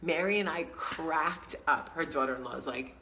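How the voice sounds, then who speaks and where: A woman hosting a casual vlog, telling a story in a chatty, animated way and acting out what people said. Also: low voice, normal speed, slight background noise, poor audio. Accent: New York. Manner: chatty, animated storyteller who acts out quotes. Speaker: vlog host.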